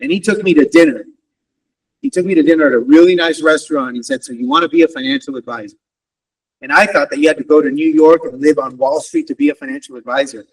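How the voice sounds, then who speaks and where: A man's voice: on the high side, fast, breathy edge. A man giving a motivational career talk to students, engaging them and often checking in with "okay?" and "right?". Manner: addresses listeners as "guys". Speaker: guest career speaker, wealth advisor. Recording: distant mic on a virtual event.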